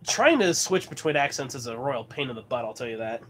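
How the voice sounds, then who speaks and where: A man's voice: mid-range voice, sing-song, fairly quick, few pauses, fairly bright tone, slightly rough. A man from Colorado chatting casually as host of his livestream, rambling and laughing often. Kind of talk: casual chat.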